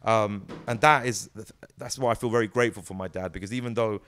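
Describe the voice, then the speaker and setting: A British man in his thirties, a comedy actor, chatting as an interview guest in an animated, storytelling way. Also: fairly low pitch, a little fast, smooth, soft background music. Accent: British English. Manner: animated, storytelling, many "you know"s. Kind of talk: casual interview chat.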